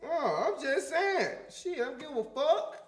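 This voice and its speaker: Man, Memphis accent, very high voice, loud and profane, heated stream banter, echoey room. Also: big pitch swings, measured pace. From Memphis, USA. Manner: loud, big-mouthed, profane, argumentative. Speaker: co-host of a live reaction stream.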